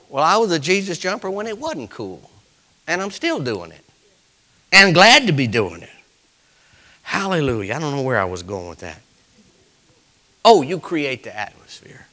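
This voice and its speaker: A pastor preaching with a bright, ringing tone. His pitch leaps and dips all over as he tells homespun stories, and he builds up to loud bursts. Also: sing-song, normal speed. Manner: folksy storytelling preaching, swelling to shouts. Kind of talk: sermon.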